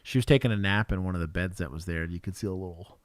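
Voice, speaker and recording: A man's voice: low voice, racing, no echo. A middle-aged man from Texas, a former police officer co-hosting a show, chatting casually and telling rambling stories with laughs. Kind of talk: casual chat reacting to bodycam clips.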